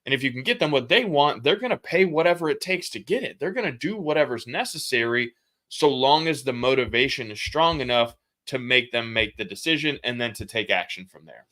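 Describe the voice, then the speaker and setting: A man in his thirties talks as a podcast guest, telling candid stories in easy, slangy speech. His voice is bright and forceful, sitting at an ordinary pitch. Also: expressive, a little fast. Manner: candid, storytelling, casual slang. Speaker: podcast guest, sales coach. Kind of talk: casual interview chat.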